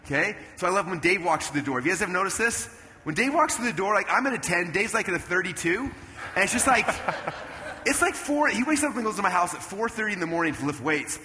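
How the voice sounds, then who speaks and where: A man in his thirties giving an energetic stage talk at a business event, telling animated stories and jumping into loud character voices. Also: high-pitched, fast. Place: event stage in a large hall. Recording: long hall reverb, faint room noise.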